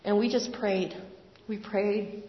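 An older woman sharing a personal faith testimony in an earnest, conversational way, with pauses and fillers. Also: mid-range voice, steady tone. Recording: roomy hall, dull lo-fi sound.

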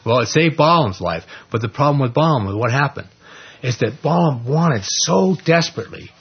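A man teaching an informal Bible study, conversational and animated, checking in with listeners through asides as he explains scripture. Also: mid-range voice, normal speed, breathy edge, muffled recording. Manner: conversational and animated, with frequent "you know" and "okay?" asides.

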